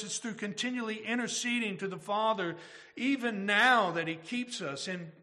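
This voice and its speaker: Guy preaching a sermon, kinda high voice, asks the congregation lots of questions. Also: pushed and bright. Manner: earnest preaching with rhetorical questions. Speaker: pastor.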